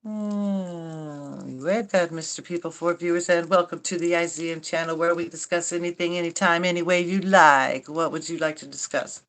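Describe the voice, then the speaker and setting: Older woman host, low-pitched, chatty and rambling with dry self-mocking humor and casual cursing. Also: steady tone, normal speed. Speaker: livestream host. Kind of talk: casual livestream chat.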